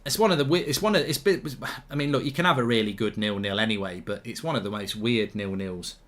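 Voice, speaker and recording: A man's voice: fairly low pitch, quick pace, fairly bright tone. A man hosting a live football watchalong, chatting casually, reading viewer comments aloud and often repeating himself.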